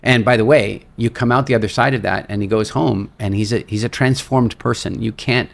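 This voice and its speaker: A man who is a speaker and seminar leader, telling stories as a podcast guest and acting out quotes with lively energy. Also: fairly low pitch, fairly quick, gravelly. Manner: animated storyteller, acts out quotes, repeats words. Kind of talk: storytelling in a podcast interview.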